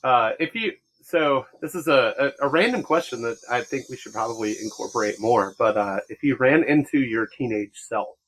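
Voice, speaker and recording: Southern US man, middle pitch, loose and friendly podcast host. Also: lively intonation, normal speed, few pauses, a bit bright, a little hiss or hum, poor audio. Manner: friendly, laid-back, hesitant with "um". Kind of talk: casual conversation.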